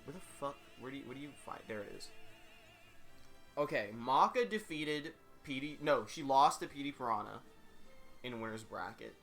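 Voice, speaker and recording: Man, streamer, casual rambling, swearing, bright tone, faint music behind. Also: medium pitch, animated. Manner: rambling, swearing, quick laughs. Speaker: streamer hosting a fighting-game tournament. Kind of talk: casual live-stream chat.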